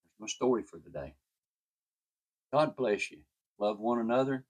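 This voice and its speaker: A man's voice: mid-range voice, lively intonation, moderate pace. A man telling a personal story in a folksy, earnest way.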